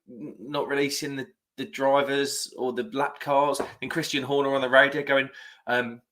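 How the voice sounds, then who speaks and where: A man's voice: mid-range voice, little pitch movement, moderate pace, a bit bright. A man hosting a live stream, chatting casually and rambling as he reads out viewer comments. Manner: chatty, rambling, self-correcting.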